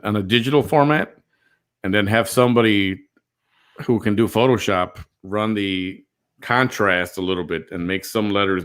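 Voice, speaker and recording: A man's voice: deep voice, a bit bright. A man hosting a casual talk show, reading out viewer comments and giving blunt, profane opinions with frequent restarts. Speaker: show host.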